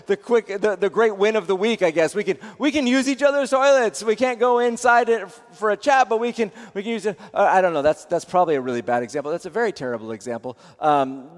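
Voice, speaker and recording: High-voiced earnest man in a reverberant hall. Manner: earnest, repeats phrases, frequent restarts. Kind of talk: sermon-style teaching.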